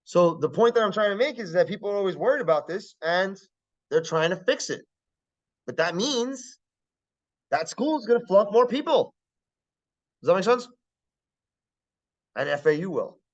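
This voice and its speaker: Male lecturer, casual and profane, always asking if the class gets it; animated pitch, lo-fi sound. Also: moderate pace, long pauses. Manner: blunt, profane, keeps checking the class understands.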